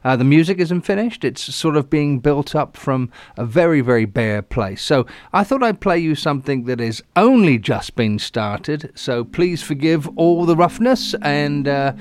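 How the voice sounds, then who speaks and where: Male Hampshire host, a little raised in pitch, rambling and self-deprecating, dry close sound. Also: lively intonation, normal speed, few pauses, dry recording. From Southampton, England. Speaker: host and musician. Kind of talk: casual show chat.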